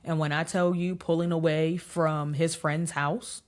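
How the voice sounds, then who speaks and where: Low-voiced woman telling lively stories. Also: unhurried. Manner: animated storyteller, laughs often. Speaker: podcast guest. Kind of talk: casual interview chat.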